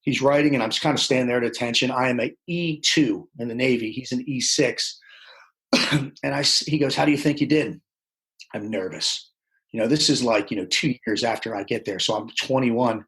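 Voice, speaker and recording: Animated man telling stories. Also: mid-range voice, a little fast, low-quality recording. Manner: animated storyteller, acts out quotes. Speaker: podcast guest. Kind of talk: casual storytelling interview.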